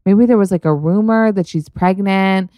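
A woman's voice: medium pitch, normal speed, warm tone, no room sound. A young woman hosting a podcast in casual chat, gushing, swearing a lot and saying "like" constantly. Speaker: podcast host.

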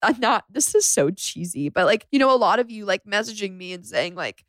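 A woman hosts a confessional solo podcast from her bedroom floor. Her voice sits at an ordinary middle pitch and is recorded close and dry, with no room sound. She rambles candidly, fills her talk with "like", and sounds emotional, near tears at times. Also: animated, a little fast, dry recording. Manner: candid, rambling, heavy use of "like". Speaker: podcast host. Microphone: podcast microphone.

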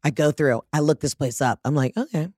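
A woman in her thirties telling a story in a casual monologue, animated and profane, jumping into high mocking voices. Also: fairly quick, no room sound, clean studio sound.

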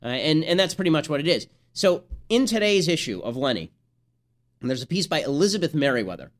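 A young man hosting a podcast, delivering a sarcastic, rapid-fire political commentary monologue. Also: on the high side, sing-song. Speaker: podcast host.

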